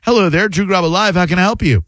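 A man's voice: high voice, rapid-fire, dry recording. Chatty male radio host. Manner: chatty, animated, jokey. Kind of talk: casual radio talk with callers.

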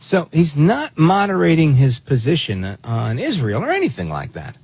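A man's voice: fairly high pitch, wildly swooping pitch, moderate pace, a little mellow, slightly rough, dry recording. A man hosting political commentary, who talks in a sarcastic, exasperated way and fires off rhetorical questions. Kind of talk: opinionated commentary on played clips.

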